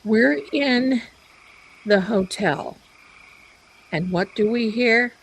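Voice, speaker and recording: A woman hosting a live stream, telling a story in an animated, chatty way. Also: on the high side, very slow, breathy edge, low-quality recording. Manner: animated, chatty, loud bursts of laughter. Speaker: psychic live-stream host.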